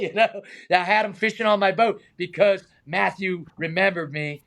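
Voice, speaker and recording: Guy, middle-aged, kinda high and gravelly, laughing through stunt stories and doing everyone's voices. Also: normal speed. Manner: animated anecdotes, acts out quoted voices, laughs often. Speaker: stunt man and high diver, guest. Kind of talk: casual storytelling interview.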